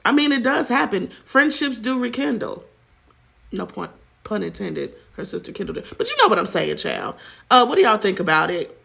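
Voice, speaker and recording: A woman's voice: medium pitch, sing-song, moderate pace, vocal fry, fairly bright tone. A woman hosting a celebrity gossip show, chatty and sassy, calling her viewers child and honey. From United States. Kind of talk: casual celebrity gossip commentary.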